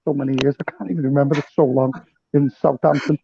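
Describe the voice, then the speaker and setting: A man's voice: medium pitch, fairly even intonation, fast talker, gravelly, dark tone, slightly rough, dull audio. A man from Liverpool calling in to a casual live stream, telling jokey stories. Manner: joking storyteller. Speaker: caller. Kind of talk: casual chat.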